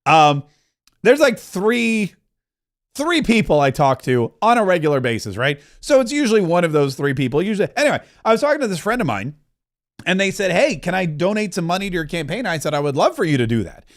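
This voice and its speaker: Fiery high-voiced male political host. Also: very animated. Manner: fast, heated ranting with asides. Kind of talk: opinionated political commentary.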